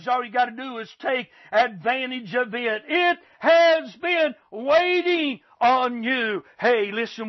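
High-voiced impassioned preacher on lo-fi radio. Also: male voice. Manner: impassioned, shouting bursts, repeated rhetorical "can I tell you". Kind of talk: fiery radio sermon.

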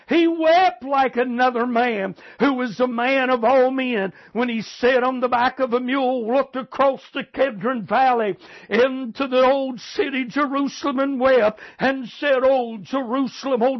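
A man's voice: very high-pitched, no room sound, muffled recording. A male preacher delivering a fervent sermon, often repeating phrases and using filler sounds.

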